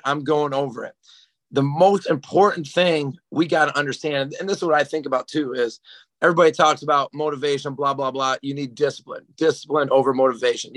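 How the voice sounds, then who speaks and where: A male strength and conditioning coach speaks on a group coaching call, laying out his ideas in a direct, motivational way. His voice is a little high, and the sound is dry and close, with no room around it. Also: fairly bright tone, no echo. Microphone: video call.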